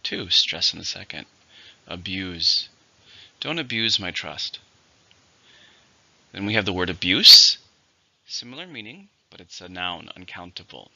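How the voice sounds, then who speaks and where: A male English teacher runs through a vocabulary list in a bright, edgy, lower-pitched voice. He slows down to stress each syllable as he models the words. The recording sounds dull and lo-fi. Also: big pitch swings, vocal fry, dry recording. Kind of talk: vocabulary lesson.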